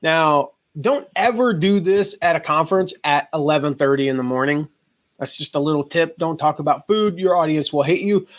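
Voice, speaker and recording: A man in his forties, a guest on a podcast, telling lively stories and acting out the voices of people in them. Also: fairly high pitch, normal speed. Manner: animated storyteller acting out quoted voices. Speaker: guest, affiliate marketing expert. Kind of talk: storytelling in a podcast interview.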